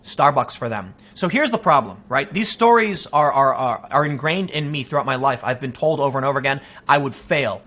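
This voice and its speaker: A man in his thirties giving a casual opinion monologue as a commentary host, animated and telling stories with quoted asides. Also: medium pitch, a little fast, few pauses.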